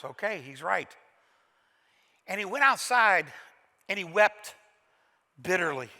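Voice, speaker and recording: A man's voice: high voice, big pitch swings, slow pace, creaky, long pauses, sharp tone. A man from Kentucky preaching a sermon as pastor, retelling the scene dramatically with folksy humor. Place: large church auditorium. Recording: reverberant church hall.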